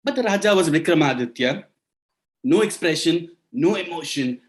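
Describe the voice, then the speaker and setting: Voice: mid-range voice, animated, moderate pace. Casting: storyteller on a video call, playful, lots of repetition, speaks to the audience.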